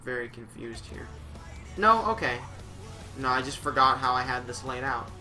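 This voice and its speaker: A young man with a medium-pitched, expressive voice livestreams a wrestling game at a normal speed, with music playing in the background. He commentates in a joking, rambling way, swearing casually.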